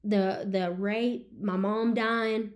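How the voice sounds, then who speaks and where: A woman, a podcast guest telling an emotional personal testimony in an earnest, animated way. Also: medium pitch, drawn-out words. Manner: earnest and animated, with frequent "you know what I'm saying". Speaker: guest sharing her testimony.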